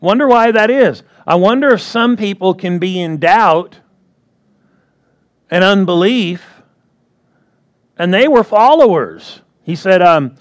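A man's voice: high-pitched, expressive, slow pace, long pauses. A man preaching a sermon in a conversational way, often checking in with the congregation. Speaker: pastor.

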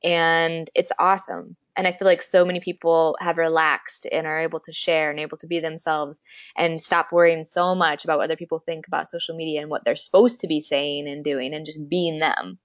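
A woman's voice: deep voice, level tone, fairly quick, no room sound. Chatty woman in a dry, dull recording. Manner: chatty, effusive, swears casually. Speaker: photographer and teacher. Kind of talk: casual conversation. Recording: slightly dull lo-fi sound.

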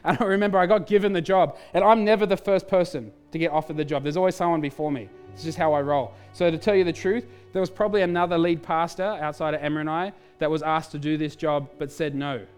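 A man, a pastor, preaching a sermon in an animated storytelling way with quick asides. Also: fairly high pitch.

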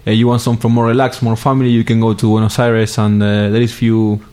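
A man from Argentina, a Spanish speaker, chatting as a guest in halting English with grammar. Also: lowish voice, little pitch movement, mellow. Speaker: guest footballer. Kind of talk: casual interview chat.

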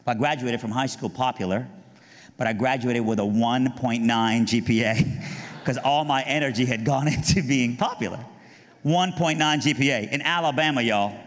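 A middle-aged man from Iran gives a spoken testimony full of jokes, often leaping high to play other people's lines. His voice sits at a middle pitch and carries a long reverb from a large hall. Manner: animated, jokey, mimics voices, rises high for punchlines. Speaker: speaker giving a testimony. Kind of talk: storytelling testimony with humor.

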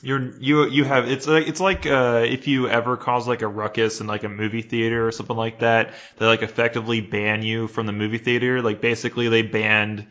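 A man's voice: medium pitch, fairly quick, hardly any pauses. A man co-hosting a podcast in casual chat, telling stories with lots of swearing. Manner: profane, animated storytelling with acted-out quotes. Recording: dull lo-fi sound.

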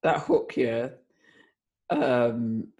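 A man's voice: medium pitch, extremely slow, darkish tone, slightly rough. A man co-hosting a music show in casual chat, laughing easily and hesitating with frequent ums as he presents songs. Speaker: radio show co-host.

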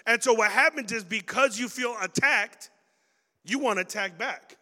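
A man preaching a sermon to young people, animated and acting out everyday scenes as he talks. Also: very high voice, normal speed, big-room sound.

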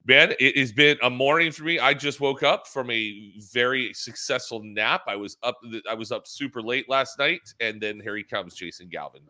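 A man's voice: medium pitch, moderate pace, few pauses. A middle-aged man co-hosting a casual racing talk show on a video call, telling rambling stories with lots of restarts. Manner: rambling storyteller, animated, many restarts. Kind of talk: casual chat. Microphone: laptop built-in camera mic on a video call.

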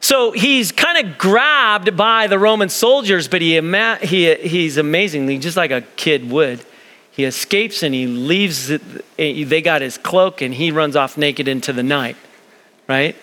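Animated high-pitched preacher in an echoey hall. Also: male voice, measured pace. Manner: animated, conversational, acts out quoted voices. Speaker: pastor. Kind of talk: sermon. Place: church sanctuary.

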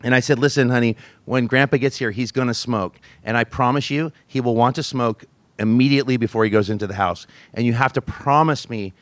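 A man's voice: mid-range voice, brisk, no echo. A pastor in his forties preaching a sermon, telling a family story with self-mocking laughs and acting out the voices he quotes.

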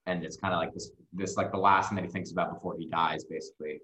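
Guy rambling thru a story, kinda low voice, echoey room. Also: steady tone, fast talker, a bit bright. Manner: rambling, lots of fillers and swearing. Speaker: music video director, guest. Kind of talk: casual storytelling. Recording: roomy echo.

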